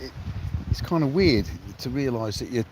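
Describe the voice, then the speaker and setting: A man's voice: mid-range voice, lively intonation, moderate pace. Chatty man on a windy beach. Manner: rambling, friendly chatter to viewers. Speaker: sea-fishing live streamer. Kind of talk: casual live-stream chat. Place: outdoors on a shingle beach by the sea. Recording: loud wind and surf outdoors.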